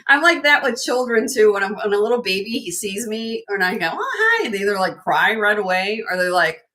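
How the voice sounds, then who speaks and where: A woman's voice: medium pitch, brisk, bright, forceful tone. A woman hosting a live online jewelry auction, chatting upbeat with viewers and laughing often. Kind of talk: live-stream auction chat.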